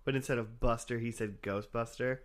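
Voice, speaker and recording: A man co-hosting a podcast in casual chat, excitable and profane, laughing often. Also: mid-range voice, fairly quick. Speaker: podcast co-host.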